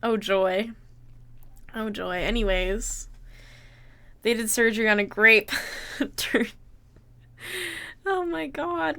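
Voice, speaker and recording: Bright-voiced young woman livestreamer. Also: on the high side, slow pace, long pauses. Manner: animated, reacts loudly with exclamations and laughter; reads viewer messages aloud and answers them. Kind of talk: casual livestream chat.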